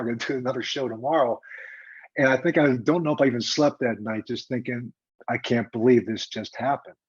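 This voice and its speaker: An older man, a retired football coach, telling a story in a lively, emphatic, conversational way during an interview. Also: medium pitch, slightly rough. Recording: dull lo-fi remote audio.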